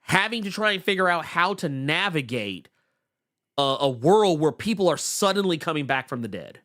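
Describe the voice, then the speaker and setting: A man co-hosting a podcast, chatting casually about comics with animated stammering restarts. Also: a little high, normal speed. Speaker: podcast co-host. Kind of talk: casual comic book chat.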